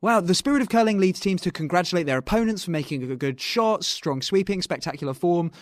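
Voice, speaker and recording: A man's voice: sits high, animated, quick pace, no echo, studio quality. A man co-hosting a comedy podcast, chatting in a jokey, casual way. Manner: jokey, slips into silly put-on voices. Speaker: podcast co-host.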